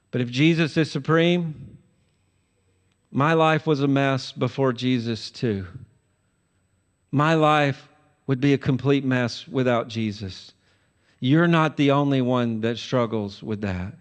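A pastor preaching a sermon, his voice rising hard on warnings and dropping soft and low on grace. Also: slow pace, pauses often, long reverb tail.

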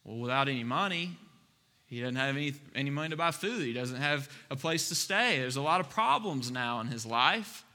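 A man's voice: mid-range voice, animated, brisk, bright, forceful tone. A man preaching a sermon to his church, earnest and building to emphatic appeals. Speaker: pastor.

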